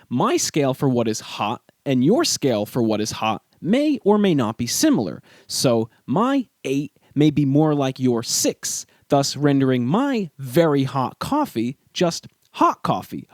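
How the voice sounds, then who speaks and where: A man narrates a scripted language lesson in a measured, explanatory way. His pitch moves a lot, rising sharply on the words he stresses. The recording is close and dry, with no room sound. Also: no room sound. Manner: measured, explanatory, lively emphasis on key words. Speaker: podcast host.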